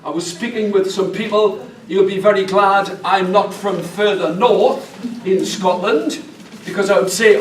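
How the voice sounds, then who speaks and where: A man's voice: sits high, a little slow. A man with a Northeast English accent, a storyteller leading a workshop, chatty and playful with the audience. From northeast England. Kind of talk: live workshop talk to an audience. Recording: echoey room, mic far off, faint background noise.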